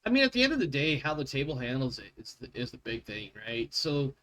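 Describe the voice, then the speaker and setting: Rambling game master, bright voice. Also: male voice, mid-range voice, huge pitch swings, quick pace. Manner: rambling, self-correcting, swears freely. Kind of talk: casual out-of-character table talk.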